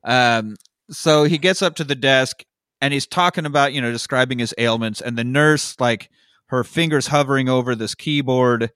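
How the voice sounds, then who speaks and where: Male podcast co-host, mid-pitched, easygoing storyteller, swears freely, dry close sound. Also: moderate pace, fairly bright tone, clear, resonant tone, dry recording. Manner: laid-back storytelling with profanity and frequent laughs. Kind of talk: casual movie recap chat.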